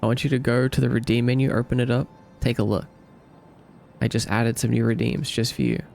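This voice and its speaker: A young Australian man hosts a casual livestream, reading chat messages out loud and bantering back with light jokes. His mid-pitched voice has a gravelly, fried edge, and soft music plays faintly behind him. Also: fairly even intonation, fairly quick. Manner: playful and easygoing, answers chat with light joking.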